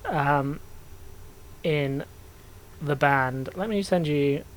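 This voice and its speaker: A man's voice: on the high side, drawn-out words, slight background noise. A man co-hosting a podcast in casual chat, enthusiastic and laughing often. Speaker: podcast co-host.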